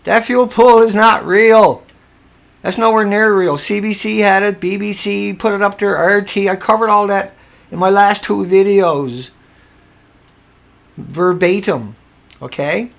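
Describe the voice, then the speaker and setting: A man with a high, creaky, fairly bright voice hosts a livestream, speaking a little slowly with fairly even intonation. He insists on his point and repeats himself, but keeps getting distracted fixing audio trouble and trailing off.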